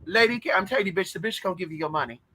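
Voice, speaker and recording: A man with a high, piercingly bright voice, delivering a casual spiritual advice monologue as host. He is sassy and profane, animated throughout, and breaks into sudden shouts. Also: rapid-fire, rough recording.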